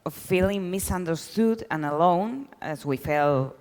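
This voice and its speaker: Woman interviewer, English, halting phrasing, lowish voice. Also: lively intonation, darkish tone, in a large hall. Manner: halting, searching for words. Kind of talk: live onstage conversation.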